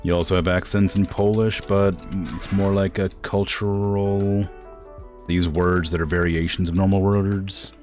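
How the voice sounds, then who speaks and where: A man's voice: level tone, moderate pace, a little mellow, faint music behind. A man streaming a video game, chatting casually with his viewers and talking to the game, laughing often. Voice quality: deep low voice. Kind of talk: casual gameplay commentary.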